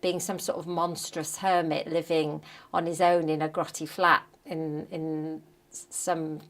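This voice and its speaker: A woman calmly recalls her memories in a documentary interview. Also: low voice, measured pace. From Bradford, Yorkshire. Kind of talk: recollection in an interview.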